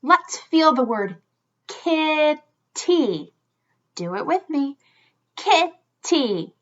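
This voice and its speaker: A woman teaching a children's lesson, speaking clearly and slowly as she demonstrates for young learners. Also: high-pitched, sing-song, bright, forceful tone. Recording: slightly dull lo-fi sound.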